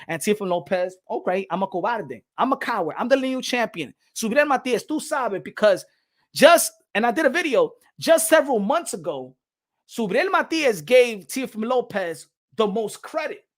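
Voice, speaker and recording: A man talks straight to his viewers in a loose, animated vlog rant. He hammers his points by repeating phrases and breaks into laughter between them. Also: sits high. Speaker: boxing channel host. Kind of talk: casual vlog commentary.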